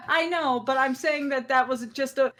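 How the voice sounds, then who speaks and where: A woman hosts a casual podcast chat with an animated, laughing delivery. Her voice sits a bit higher than most, and she often restarts a sentence when she gets excited. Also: moderate pace. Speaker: podcast host.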